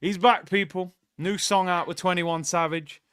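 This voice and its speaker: A young man rants sarcastically to his stream audience about his football club, his voice pitched fairly high for a man. He swings from exasperated grumbling to loud excited shouting. The sound is dry and close, with no room echo. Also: unhurried, smooth. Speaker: football watchalong host. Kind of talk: casual live-stream rant.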